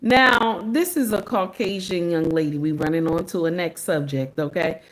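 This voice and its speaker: A woman's voice: lowish voice, moderate pace. A woman hosting a livestream, reacting to clips in sassy, preachy casual commentary and repeating lines for emphasis.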